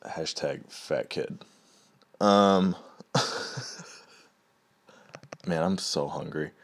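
A man's voice: extremely low pitch, drawn-out words. A young man in a casual, rambling rant, swearing often and laughing at his own stories.

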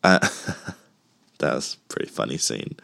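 A man's voice: a bass voice, animated, takes it slowly, gravelly, sharp tone, no echo, studio quality. A man casually recapping a movie between coughs, rambling, joking and swearing as he goes.

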